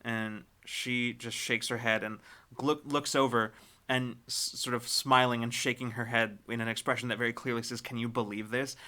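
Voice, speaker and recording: A man narrating a tabletop role-playing game as game master. He describes scenes in a halting way, with frequent fillers and restarts. His voice is bright and sits at an ordinary pitch. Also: little pitch movement.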